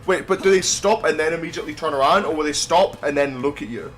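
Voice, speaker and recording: A man's voice: a little high, quick pace. A young Scottish man chatting casually and rambling while playing a video game. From Scotland. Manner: chatty, rambling, self-mocking. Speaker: let's play gamer. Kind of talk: casual gameplay commentary.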